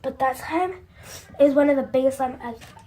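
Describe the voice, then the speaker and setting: A woman's voice: sits high, normal speed, very noisy. A young woman chatting casually in a home vlog, rambling with many likes and restarts, filmed on a phone she holds. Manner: excitable, shrieks when upset. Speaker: slime collection vlogger. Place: bathroom at home. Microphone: phone held by speaker. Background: faint YouTube video in another room.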